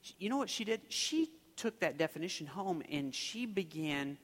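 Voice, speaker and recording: A man's voice: fairly high pitch, lively intonation, moderate pace, a bit bright. A man preaching a sermon, telling a story in a loose, conversational way full of restarts and fillers. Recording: long reverb of a large hall.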